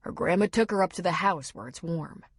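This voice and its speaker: Woman voicing a gentle reassuring man. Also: fairly low pitch, brisk, husky, no echo, clean studio sound. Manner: soothing, calm.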